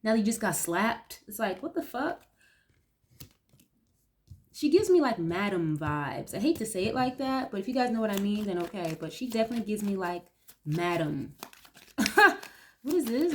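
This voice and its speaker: A woman's voice: fairly high pitch, a little mellow, slight background noise. A young woman doing a casual tarot reading, reacting aloud to each card with blunt, profane commentary. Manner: blunt, swears freely, reacts aloud to the cards. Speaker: tarot reader.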